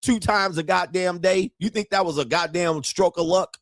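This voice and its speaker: A middle-aged man rants as the host of his own online show, crude and full of swagger. His voice sits high for a man and sounds dry, with no room around it. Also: normal speed, no room sound. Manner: brash, profane and boastful, laughs at his own jokes. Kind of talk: ranting commentary.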